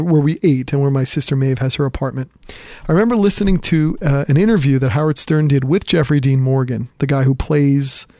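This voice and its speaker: A man's voice: fairly high pitch, warm tone, dry recording, studio quality. A man hosting a podcast, telling a long story in a rambling, self-deprecating way with lots of fillers and restarts, a little under the weather with a cough. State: sick with a cough. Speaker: podcast host. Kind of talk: casual storytelling monologue.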